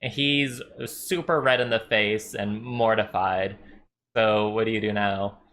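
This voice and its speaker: A man's voice: fairly low pitch, steady tone, measured pace, a bit bright, a little hiss or hum. A man narrating a tabletop game as game master, loose and rambling with many fillers.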